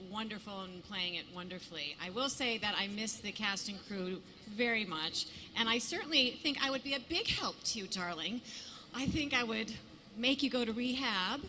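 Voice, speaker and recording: A woman's voice: mid-range voice, pushed and bright, slight background noise. A woman speaking on a convention panel, playful and a bit theatrical. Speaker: panelist, actor. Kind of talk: casual panel talk. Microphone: handheld mic.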